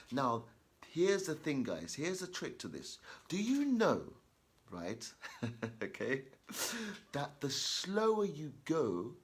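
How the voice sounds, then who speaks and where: A man coaching children on reading aloud and practice, talking in a lively, encouraging way and checking in often with "okay?". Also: medium pitch. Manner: animated, repeats key points, many "okay?" check-ins. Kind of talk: storytime talk to children.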